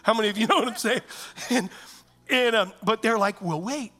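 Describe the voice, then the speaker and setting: A man's voice: sits high, steady tone, fairly quick, pushed and bright. A man, a pastor, preaching a sermon in church, telling a personal story and often asking the congregation whether they know what he means.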